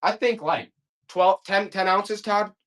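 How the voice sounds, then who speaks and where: This man's voice is high-pitched, slow, and a bit bright as he hosts a casual live-selling stream. A live auction seller, he rambles between items, gets fired up in folksy rants, and calls listeners "boy."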